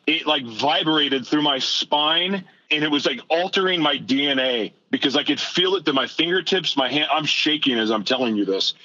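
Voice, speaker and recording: A man being interviewed, telling his life story in an animated way and acting out his own past thoughts. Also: on the high side, lo-fi sound. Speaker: guest.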